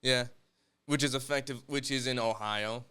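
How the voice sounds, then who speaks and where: A young male podcast co-host, joking and chiming in with quick interjections. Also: mid-range voice, fairly even intonation, pushed and bright, smooth. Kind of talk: casual podcast chat.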